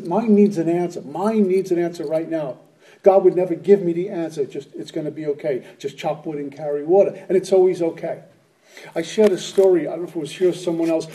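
A man's voice: a little high, mellow, distant mic. A middle-aged man giving an earnest, plainspoken personal testimony as a speaker at a recovery meeting.

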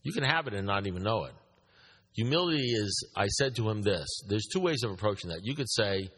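A man's voice: fairly low pitch, big pitch swings, brisk, a bit bright, husky. A man speaking to a recovery group, telling a story with emphasis, repeating his points and asking the room questions. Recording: echoey hall.

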